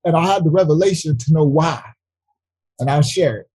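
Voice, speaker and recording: A middle-aged man from New York City sharing an emotional personal testimony at a Bible study, earnest and halting, near tears. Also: on the high side, a little mellow, slightly rough, no echo, poor audio. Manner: earnest, halting, with frequent restarts.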